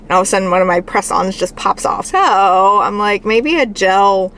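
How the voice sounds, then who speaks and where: A woman's voice: medium pitch, moderate pace, fairly bright tone. A woman vlogger talking casually to the camera in a chatty, rambling way. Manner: chatty and rambling, with frequent "like" fillers. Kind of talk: casual vlog chat to camera.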